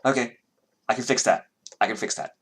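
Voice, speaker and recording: A man voicing a caring, hurried woman healer who speaks into people's minds, anxious and apologetic, tripping over her words in a higher, softer voice. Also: breathy edge. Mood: brisk.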